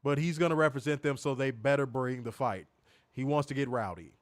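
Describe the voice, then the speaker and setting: With faint music playing behind him, a man reviews a wrestling show on a livestream, speaking a little fast at medium pitch. He talks casually and profanely, repeats himself, and reads viewer comments aloud.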